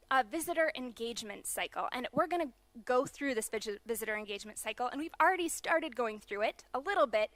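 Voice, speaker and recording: Young American woman, keynote speaker; bright, slightly high voice, brisk and explanatory. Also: no room sound. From USA. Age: young adult. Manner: brisk explanatory delivery with fillers. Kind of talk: conference keynote presentation. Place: large conference hall.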